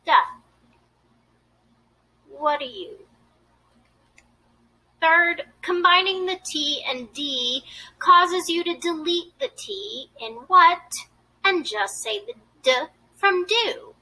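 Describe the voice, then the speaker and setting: A woman giving a scripted pronunciation lesson, modeling phrases clearly and deliberately. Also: extremely high pitch, lively intonation, bright, forceful tone, rough recording. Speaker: pronunciation tutor.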